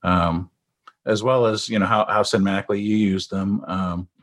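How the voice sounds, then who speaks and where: A man's voice: on the low side, steady tone, moderate pace, a bit bright. A man chatting casually, stammering and repeating words as he tells stories about working with lighting artists. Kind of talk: casual anecdote chat.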